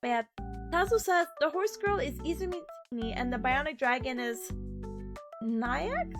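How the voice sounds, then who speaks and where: A bubbly woman streamer recaps her weekend in a light, high voice that leaps up into squeals. Her pitch swings wildly as she chatters, with music playing underneath. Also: normal speed. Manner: bubbly, breaks into excited squeals. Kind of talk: casual recap chat.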